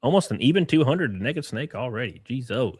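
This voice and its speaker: A man's voice: mid-range voice, animated, fairly quick, darkish tone, husky, no echo, clean studio sound. A man in his thirties hosting a live stream, giving blunt, profane reaction commentary and talking straight to his chat.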